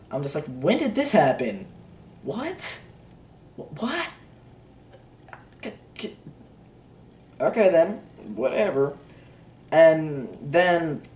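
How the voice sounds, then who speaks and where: A man's voice: fairly high pitch, darkish tone, distant mic. A teenage boy giving a rambling, unsure movie review, full of fillers and offhand "blah, blah, blah" asides. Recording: roomy echo, a bit off-mic.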